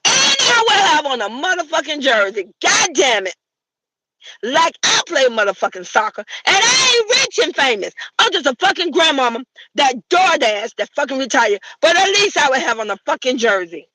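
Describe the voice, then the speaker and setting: A woman's voice: high voice, sing-song, normal speed, pushed and bright, a little hiss or hum, rough recording. A woman, delivering a heated, profane, trash-talking rant as a commentary vlogger. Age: 60s. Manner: brash, swearing, trash-talking.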